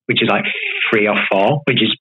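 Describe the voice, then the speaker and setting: A man's voice: lowish voice, a little fast, husky, lo-fi sound. A man from the UK, a guest comedian, chatting in a laid-back way with lots of fillers over a remote call. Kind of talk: casual chat interview.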